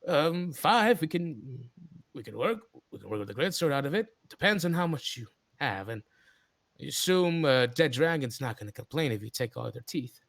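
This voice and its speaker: Sly needling broker, man doing it, high lively delivery. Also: vocal fry. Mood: businesslike. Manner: sly, teasing, drawn-out.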